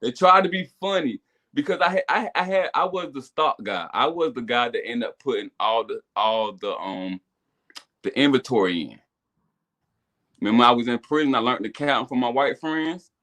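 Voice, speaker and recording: A man, a podcast guest, telling a personal testimony in casual chat, animated and repetitive, rising to excited high bursts. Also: normal speed. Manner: animated storytelling, repeats words, builds to excited high bursts. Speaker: podcast guest, business owner.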